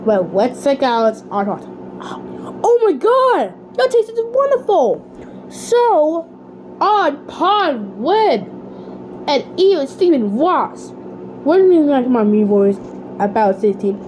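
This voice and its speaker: A woman hosting a homemade cartoon contest, excitable and dramatic, with sudden outbursts. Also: high voice, slow, a little hiss or hum, poor audio.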